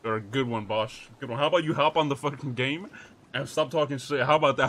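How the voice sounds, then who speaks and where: A man's voice: mid-range voice, quick pace, fairly bright tone. A young man streaming, talking casually and reading chat aloud, incredulous and joking with plenty of swearing.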